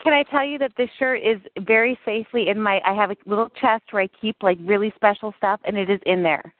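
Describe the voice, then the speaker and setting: A woman's voice: medium pitch, fast, no echo. A woman speaking as a guest on a call-in show, bubbly, affectionate and chatty. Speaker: guest actress. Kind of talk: radio call-in chat. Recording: tinny phone line.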